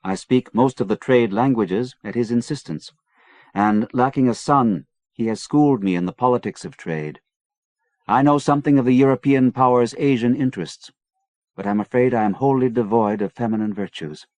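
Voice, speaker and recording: A man reading an audiobook, voicing a bold, quick-witted young British woman who is poised and inquiring. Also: medium pitch, darkish tone, no echo, pitched above the performer's own voice, close to an everyday voice. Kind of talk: audiobook character voice.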